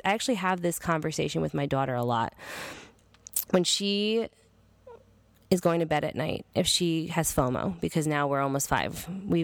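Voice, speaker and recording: A woman's voice: sits low, vocal fry, a little mellow, dry recording. A woman in her thirties hosting a podcast monologue, blunt, earnest and freely profane. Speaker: podcast host. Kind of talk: casual monologue.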